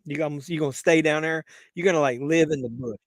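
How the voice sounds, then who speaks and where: A man's voice: on the high side, brisk, dry recording. A man hosting a live chat stream, teasing viewers with crude jokes and laughing at his own punchlines. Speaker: livestream host.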